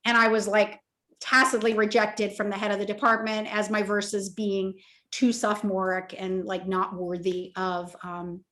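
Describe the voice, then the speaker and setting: Over a video call at a virtual interview event, a woman in her fifties, an author and toy company co-founder, tells a personal story with emotion and animation. Her mid-range voice moves at a moderate pace, and she acts out the quoted dialogue in her tale.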